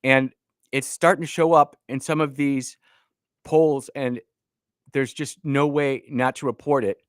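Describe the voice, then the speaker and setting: A man's voice: mid-range voice, steady tone, unhurried, clean tone, dry recording. Emphatic male talk radio host, dry studio. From Northern Illinois. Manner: folksy, emphatic, frequent restarts. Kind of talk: political talk radio commentary.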